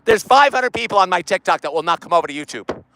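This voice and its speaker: An excitable man vlogging outdoors on a city street, rambling loudly at a phone set down nearby. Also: sits high, fast talker, no room sound, rough recording. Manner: excitable, loud and rambling, talks to his phone. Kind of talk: rambling comic street vlog. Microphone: phone camera set down nearby.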